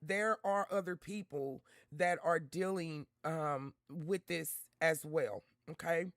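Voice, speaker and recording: A woman with a low voice speaks slowly on a casual livestream, reacting to content and talking candidly, from the heart, to her chat in slangy everyday language. The recording is clean studio sound with no room echo.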